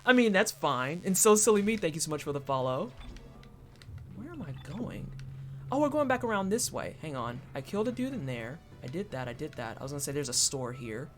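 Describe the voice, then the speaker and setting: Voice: medium pitch, big pitch swings, a little fast, a bit bright, soft background music. A streamer chatting casually with viewers while playing a game, thanking supporters and making playful asides. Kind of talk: casual live-stream chat while gaming.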